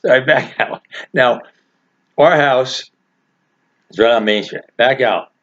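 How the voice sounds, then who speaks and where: Slow and fairly bright in tone, this medium-pitched older man rambles through a folksy anecdote, chuckling as he goes. The storyteller's clip is a dull lo-fi recording.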